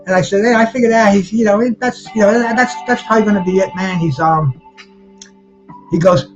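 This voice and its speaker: A man hosts a live boxing chat stream, rambling along, restarting his sentences and greeting viewers by name. His voice sits a little high for a man. The sound is dull and lo-fi, with faint music playing underneath. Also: fairly quick. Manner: restarts and repeats words often.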